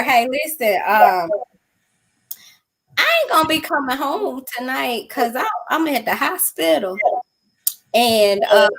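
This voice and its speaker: A middle-aged woman with a high voice recounts a personal ordeal as an interview guest. She tells it with lively energy and slips into the voices of the people in her story. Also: husky, poor audio. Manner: acts out quoted dialogue in lively voices. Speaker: interview guest sharing a testimony.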